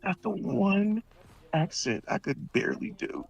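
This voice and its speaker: A man co-hosting a casual gaming podcast, talking in an animated, giggly way. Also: high-pitched, a little slow, gravelly, dull audio. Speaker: podcast co-host.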